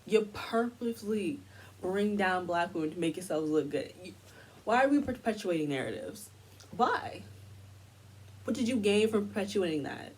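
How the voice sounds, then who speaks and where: A woman's voice: medium pitch, a little mellow, slight background noise. A woman giving a heated commentary rant, indignant and sarcastic. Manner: indignant, sarcastic, mocking quoted voices. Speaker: commentary vlogger.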